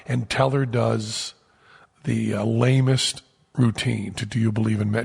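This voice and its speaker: A man casually telling a lively anecdote as a podcast host, acting out the quotes. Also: mid-range voice, measured pace, gravelly, slightly rough, in a large hall. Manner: animated storyteller, acts out quotes.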